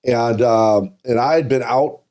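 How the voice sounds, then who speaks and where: An older man from Minnesota, a podcast guest telling stories in a casual, animated way, often repeating words and laughing. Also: mid-range voice, measured pace. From Minnesota, USA. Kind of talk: casual storytelling interview.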